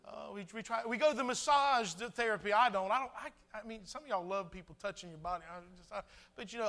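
A man's voice: high-pitched, expressive, fast, pushed and bright. A middle-aged man preaching a sermon as pastor, chatty and stammering through restarts, slipping into little acted asides.

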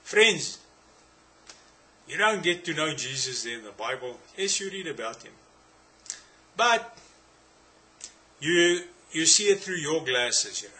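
A South African man preaching a sermon in a fairly high voice. His delivery is emphatic and insistent, circling back on his points and throwing rhetorical questions at his listeners. The tone stays bright and forceful throughout. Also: sing-song, takes it slowly, long pauses.

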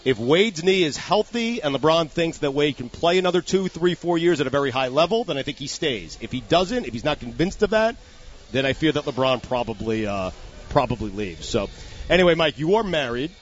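A man's voice: a little high, brisk. A middle-aged man hosts a casual sports radio segment, telling a story with eager restarts and repeated phrases. The recording sounds a little dull and lo-fi. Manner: animated storyteller with frequent restarts. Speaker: radio show host.

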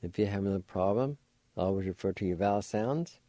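A man's voice: fairly low pitch, brisk, warm tone, dry recording. A man hosting a radio language lesson, carefully spelling and sounding out words syllable by syllable. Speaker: radio host teaching Cherokee words.

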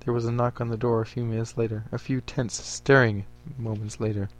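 A man reading a story aloud for a podcast in a steady, even manner. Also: medium pitch, fairly quick.

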